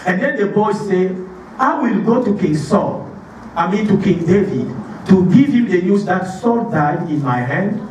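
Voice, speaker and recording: An animated male pastor preaching, with a high voice that leaps up and down as he leads his congregation. He laughs often and calls out for responses. The sound is a distant mic in a very echoey hall with faint hiss behind. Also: a little slow. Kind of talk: sermon. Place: church hall.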